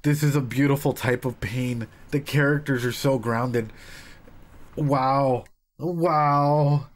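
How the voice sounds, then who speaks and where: A man's voice: mid-range voice, steady tone, takes it slowly. A young man, a psychologist, reacting live to an anime, swearing freely and laughing to hold back tears. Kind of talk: emotional live reaction commentary.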